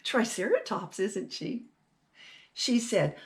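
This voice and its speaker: A woman hosting a children's storytime, reading a rhyming picture book aloud in an animated way and asking the kids questions. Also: medium pitch, takes it slowly.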